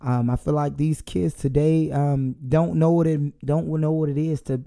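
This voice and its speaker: A man's voice: on the high side, fairly even intonation, normal speed, creaky, warm tone, smooth. A man co-hosting a podcast in casual chat, joking and easygoing. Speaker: podcast co-host.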